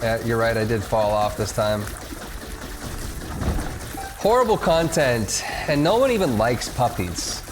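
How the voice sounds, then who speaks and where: A man's voice: medium pitch, very animated, measured pace, long pauses, noisy background. A man streaming a game from home, casually chatting, joking and reading chat messages aloud. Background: game music.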